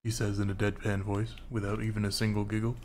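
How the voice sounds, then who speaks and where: A young man gives crude, joking let's play commentary while gaming, with game music behind him. His fairly low voice is monotone and a little mellow, and he talks fast. There's slight background noise.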